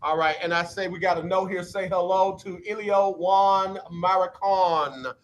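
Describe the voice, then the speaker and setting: A man hosting a casual radio sports talk show, brisk and upbeat, calling on guests by name for their picks. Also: sits high, fairly even intonation, a little hiss or hum, poor audio.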